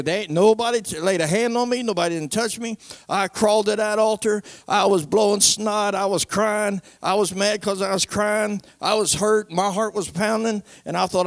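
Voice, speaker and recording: A man with a high, gravelly voice gives an emphatic church testimony in plain folksy speech. The sound is close and dry, with no room around it. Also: no echo. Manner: emphatic, repeats "I'm telling you"; folksy nonstandard grammar. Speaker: church speaker giving testimony.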